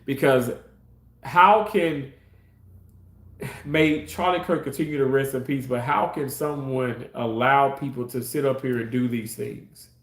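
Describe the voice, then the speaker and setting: A man's voice: mid-range voice, a little slow, reverberant. A man ranting on his live stream in a passionate, heated way, cursing and repeating himself. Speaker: live-stream content creator. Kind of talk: casual live-stream rant.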